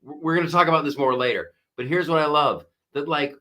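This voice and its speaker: A middle-aged man hosting a live-stream podcast, talking in an animated, mocking way and laughing often. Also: on the high side, quick pace. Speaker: podcast host. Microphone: wearing a strapped headset or mic.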